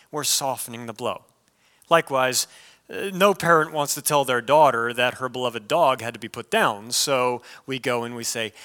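A male pastor preaching a sermon in a conversational, lively way, with frequent asides to the congregation. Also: mid-range voice.

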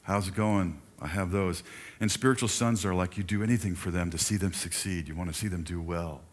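Speaking briskly in a low voice with fairly even intonation, this older man preaches in a church sanctuary. He's a pastor who keeps the sermon conversational, pausing to talk with the people in the pews.

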